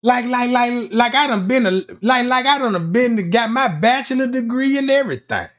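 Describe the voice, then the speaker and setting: A man's voice: very high-pitched, lively intonation, moderate pace, fairly bright tone. A young man talking casually in a profane, rambling way, telling street stories on a live stream and often repeating his catchphrases. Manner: profane, rambling, repeats "you know what I'm talking about". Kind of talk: casual street storytelling monologue.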